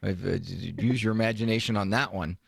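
A man's voice: on the low side, fast talker, creaky, slightly rough, dry recording, clean studio sound. A man hosting a radio call-in advice show, joking and teasing his caller. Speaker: radio host, advice doctor.

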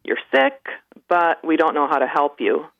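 A woman in her fifties calls in from Canada to a radio talk show. Her voice sits low for a woman and comes through a dull, dry line. She talks haltingly, with frequent ums and pauses. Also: sing-song, gravelly, no echo. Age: 50s. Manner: halting, many fillers, emotional at times. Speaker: caller. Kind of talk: call-in testimony.

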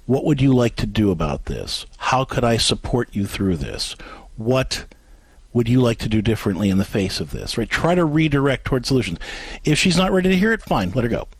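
A man co-hosting a call-in advice show, coaching a caller step by step and acting out gentle example phrases. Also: mid-range voice, big pitch swings, a little fast, husky, no room sound. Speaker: radio advice host.

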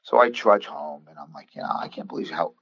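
A man in his fifties, a coach, earnestly telling a personal story in a podcast interview, halting and restarting as he recalls what people said. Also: low-pitched, animated, gravelly, fairly bright tone, husky, dry recording. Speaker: basketball coach guest. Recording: dull lo-fi sound.

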